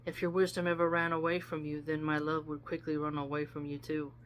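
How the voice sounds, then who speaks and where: Life appears as a teasing woman, read aloud by the narrator in an even, middling voice. The reading stays gentle and plain. A faint hum sits under it. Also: mid-range voice, fairly quick, close to an everyday voice. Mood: coaxing.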